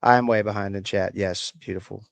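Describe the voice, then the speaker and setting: A man's voice: on the low side, steady tone, normal speed, vocal fry, no room sound. A man with a slight Appalachian country accent, hosting a casual livestream, reading chat aloud and answering with crude, sarcastic swearing.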